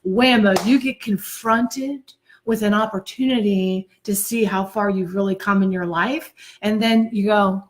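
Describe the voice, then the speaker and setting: A woman's voice: mid-range voice, fairly even intonation, measured pace. A woman chatting on a live stream from home, telling a story in a chatty, self-mocking way. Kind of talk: casual live-stream chat.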